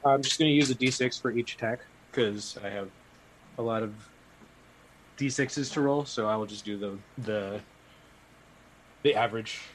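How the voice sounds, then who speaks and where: A man's voice: mid-range voice, moderate pace, pauses often, a little hiss or hum, poor audio. A man playing a tabletop game, talking casually and matter-of-factly. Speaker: player.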